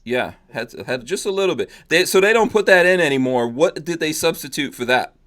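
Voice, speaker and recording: A man's voice: fairly high pitch, lively intonation, brisk, crowd noise. Laughing, easygoing male podcast host. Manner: laughs often, easygoing, reads chat shout-outs. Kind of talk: casual panel chat.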